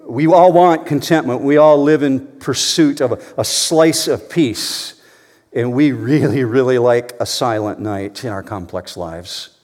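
Brief: male pastor, mid-pitched, earnest sermon voice, ringing church hall. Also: measured pace, a little mellow. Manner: earnest, builds to emphatic storytelling. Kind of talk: sermon with prayer and joke. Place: church sanctuary. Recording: long reverb of a large hall.

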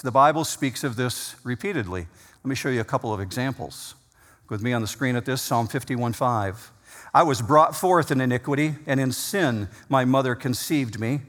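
A man preaching a sermon as pastor, emphatic, slowing down and rising in pitch on key words. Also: a bit bright. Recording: long reverb of a large hall.

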